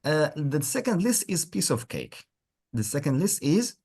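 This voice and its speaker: A man's voice: fairly high pitch, big pitch swings, measured pace, a little mellow, breathy edge. A man teaching an online English lesson, encouraging and repeating words with frequent praise. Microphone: computer mic on a video call.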